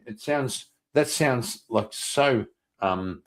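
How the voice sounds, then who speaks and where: A man's voice: mid-range voice, very animated, measured pace. A man on a live stream trading mocking, teasing banter. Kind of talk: casual chat on a live stream.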